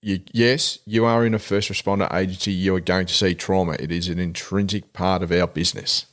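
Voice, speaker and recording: Australian sergeant, lowish voice, earnest and frank, loose conversational delivery. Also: male voice, level tone, brisk, a bit bright. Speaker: police sergeant. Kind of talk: casual podcast chat.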